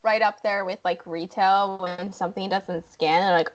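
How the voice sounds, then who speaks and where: A woman's voice: mid-range voice, steady tone, normal speed. Chatty woman, slightly muffled sound. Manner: chatty, laughs often, many "like" fillers. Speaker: podcast co-host. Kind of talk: casual chat.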